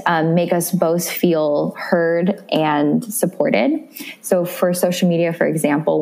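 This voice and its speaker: A young woman guest in a casual interview, chatty and bubbly, acting out quoted lines with big jumps in pitch. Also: vocal fry, darkish tone.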